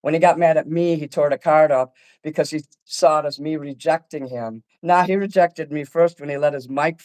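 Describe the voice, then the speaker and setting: Brief: agitated profane man on a call-in show, slightly high voice, rambling rant. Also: steady tone, normal speed, a little mellow, rough recording. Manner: angry, profane, repeats himself, talks over the other speaker. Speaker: artist ranting on a call-in show.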